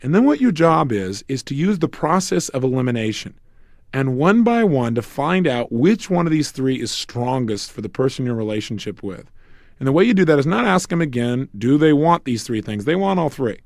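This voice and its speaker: A man giving a motivational seminar on relationships, talking in an animated way and acting out couples' arguments with joking asides. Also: medium pitch, brisk, no echo, studio quality. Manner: animated, acts out quarrels between couples. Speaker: self-help speaker.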